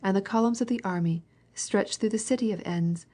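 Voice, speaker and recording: A woman reading a classic novel aloud as an audiobook narrator, mostly even and unhurried, lifting her voice slightly for dialogue. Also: medium pitch. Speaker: audiobook reader.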